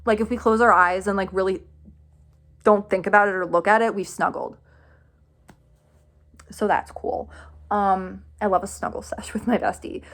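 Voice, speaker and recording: A young woman tells a vlog story in a loose, rambling way. She stacks up fillers and chatty asides, and her voice sits at an ordinary middle pitch. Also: moderate pace, pauses often. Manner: excited, rambling, many fillers and "like"s, laughs often. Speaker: vlogger telling a fan story.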